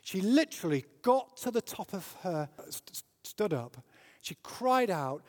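A man from Britain preaching a sermon, telling a story and building to loud, emphatic peaks. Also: high-pitched, big pitch swings, a little slow. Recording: long hall reverb.

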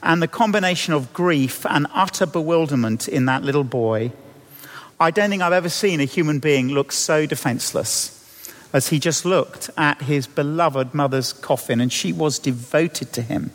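A man, a vicar, preaching a sermon and telling the story with lively acted-out voices. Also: on the high side, moderate pace, long reverb tail.

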